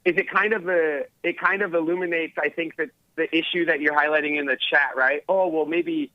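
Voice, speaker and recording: A man's voice: on the high side, steady tone, fairly quick, dry recording, lo-fi sound. A male caller on a phone-in show, talking in a casual, rambling way with lots of fillers. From Los Angeles area. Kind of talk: phone-in conversation.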